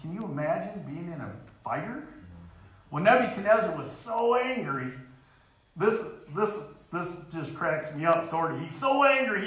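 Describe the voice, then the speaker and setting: A lay preacher in a church sanctuary reads scripture aloud and preaches in an earnest, emphatic way, his voice sitting high with a fairly bright tone. The hall is very echoey.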